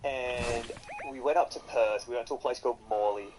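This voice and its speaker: Australian man, casual guest storyteller, middle pitch, lively and foul-mouthed, light hiss. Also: fairly quick. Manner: animated, swears freely while telling stories. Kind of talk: casual chat.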